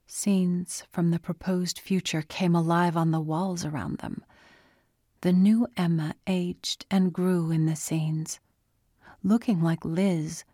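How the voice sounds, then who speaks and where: A woman narrating a story in a hushed, unhurried reading voice. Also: lowish voice, no room sound, studio quality. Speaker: audiobook narrator. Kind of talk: scripted narration.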